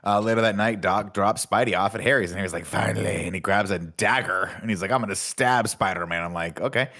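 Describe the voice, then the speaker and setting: A man's voice: lowish voice, fast, pushed and bright. A man co-hosting a podcast, recapping a film plot in a laid-back, wry way. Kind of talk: casual comedic recap.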